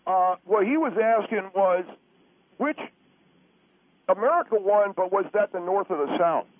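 A man's voice: sits high, lively intonation, measured pace, no echo, voice pushed up. A man voicing a muddled, eager male caller who stammers and repeats himself. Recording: tinny phone line.

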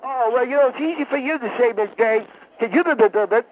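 A man's voice: extremely high pitch, brisk, slight background noise. A man playing a touchy male doctor with slurred, mumbled, hard-to-understand speech. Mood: defensive. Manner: touchy and defensive. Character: garbled-talking male doctor, former lion tamer. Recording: tinny phone-like line.

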